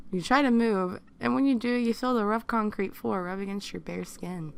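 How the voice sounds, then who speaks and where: A woman's voice: medium pitch, moderate pace, vocal fry, few pauses, smooth. A woman casually narrating a second-person story, breaking off into crude, joking asides. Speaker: reader of fan fiction.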